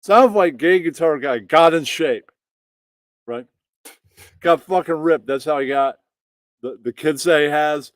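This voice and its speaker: Male host, mocking profane rant, higher voice, dry close mic. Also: unhurried, pauses often, dry recording. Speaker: stream host reacting to clips. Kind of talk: crude comedic rant.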